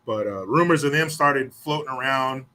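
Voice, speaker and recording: Rambling profane man, bright tone. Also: medium pitch. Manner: rambling, swears often, puts on quick mocking voices. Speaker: podcast host. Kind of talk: profane casual storytelling.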